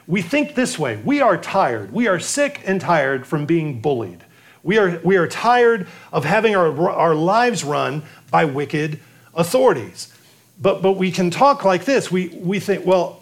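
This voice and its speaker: A man preaching a sermon, earnest, repeating and restarting phrases as he builds his points. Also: sits high. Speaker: pastor.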